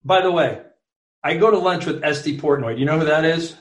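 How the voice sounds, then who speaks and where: A middle-aged man, a guest sports columnist, telling animated, rambling anecdotes in casual chat, full of restarts. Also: fairly high pitch, a little fast, echoey room.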